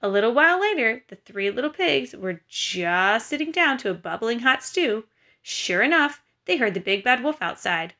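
A woman teacher giving a recorded lesson to schoolchildren and reading a story aloud in a clear, patient way. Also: fairly high pitch, big pitch swings, moderate pace, pushed and bright.

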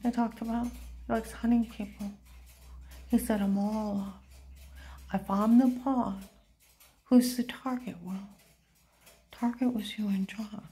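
Woman, middle pitch, warm and mellow tone, urgent rambling talk that drifts in and out of whispers. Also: steady tone, slow, long pauses. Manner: drops often into an unvoiced whisper. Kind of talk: rambling spoken monologue.

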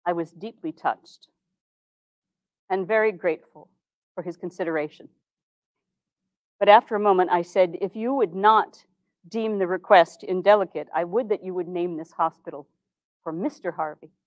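A woman's voice: fairly low pitch, no room sound, lightly acted, rough recording. A woman playing a dignified 1860s woman reformer. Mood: recounting. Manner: formal, measured old-fashioned diction. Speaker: historical reenactor. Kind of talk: first-person historical monologue.

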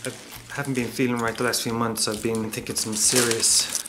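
Halting man in a comedy sketch. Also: mid-range voice, level tone, over music. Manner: hesitant, halting.

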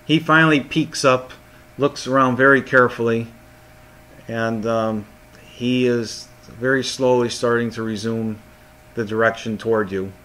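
A man's voice: medium pitch, fairly even intonation, unhurried, a bit bright. A man narrating as game master of a tabletop game, often repeating words as he goes.

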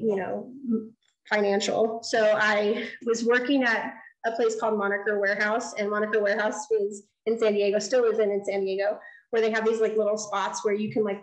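A woman giving a design lecture, telling a story in an animated way and acting out the dialogue. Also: mid-range voice, reverberant, low-quality recording. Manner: animated, acts out quoted dialogue. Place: lecture hall.

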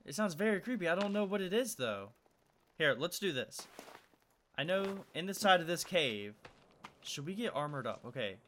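A man's voice: fairly high pitch, sing-song, moderate pace, fairly bright tone, a little hiss or hum. A young man hosting a let's-play video, nervously talking to himself as he plays. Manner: nervous, talks to himself while playing. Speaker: gaming video host.

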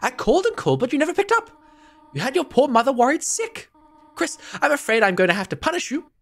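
A man's voice: very high voice, huge pitch swings, fast, pitched above the performer's own voice, full character voice. A young man voicing a motherly goat-monster who scolds and then forgives her child. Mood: scolding. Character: stern but loving goat-monster mother.

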